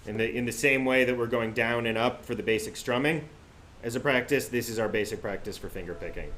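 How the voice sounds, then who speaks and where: A man's voice: mid-range voice, fairly quick, a bit bright, a little hiss or hum. A man teaching an online ukulele class, counting out finger-picking patterns as he plays. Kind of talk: online group music lesson. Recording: ukulele playing under the voice.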